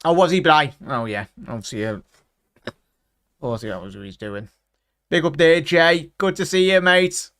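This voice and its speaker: A man's voice: a little high, animated, normal speed, pauses often, fairly bright tone, dry recording, studio quality. A man hosting a football watchalong livestream, chatting casually and greeting viewers by name with "big up" and "mate". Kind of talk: casual live chat reading comments.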